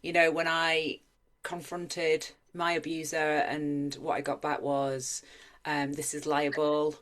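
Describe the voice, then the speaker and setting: Deep-voiced, openly emotional woman. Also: monotone, slow, a bit bright. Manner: openly emotional, stumbling restarts. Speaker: podcast co-host. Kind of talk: casual conversational chat.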